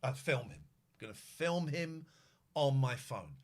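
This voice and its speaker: A middle-aged man, hosting a podcast and telling a story with a lot of swearing and shouted re-enactments. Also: medium pitch, lively intonation, a little slow. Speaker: podcast host. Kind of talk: animated storytelling.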